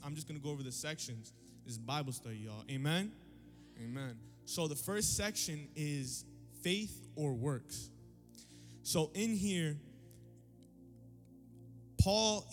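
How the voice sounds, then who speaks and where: A man preaching a casual, slangy Bible study sermon in an animated, conversational way. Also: fairly high pitch, long reverb tail.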